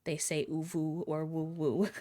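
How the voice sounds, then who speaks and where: A woman's voice: medium pitch, no room sound. A woman live streamer chatting casually and playfully with her viewers, breaking into sing-song countdowns.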